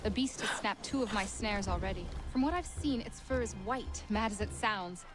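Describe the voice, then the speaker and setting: An actress playing a practical, plainspoken frontier huntress in a video game. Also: female voice, mid-range voice, normal speed, close to an everyday voice. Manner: terse, practical. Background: game music.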